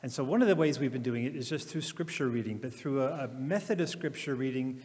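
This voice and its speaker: A male pastor giving a sermon, then reading scripture slowly and reflectively with long pauses. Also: medium pitch, expressive, a little mellow, long reverb tail. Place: church.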